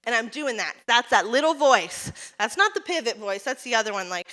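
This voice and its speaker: A woman giving a motivational keynote speech at a conference, telling her story with animated energy and calling out to the audience. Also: on the high side, fairly quick. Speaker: keynote speaker and salon owner. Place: conference hall. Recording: reverberant hall.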